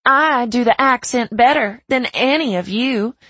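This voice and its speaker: A woman voicing a playful young woman who hams up a put-on Southern belle accent, high and theatrical. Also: measured pace, a bit bright, slightly rough, no echo. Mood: mock belle.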